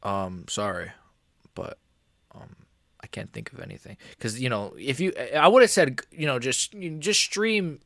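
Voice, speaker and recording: A man's voice: mid-range voice, lively intonation, measured pace, vocal fry, fairly bright tone, dry recording, clean studio sound. A man hosting a live stream, reacting to a fight in a casual, rambling, profane way.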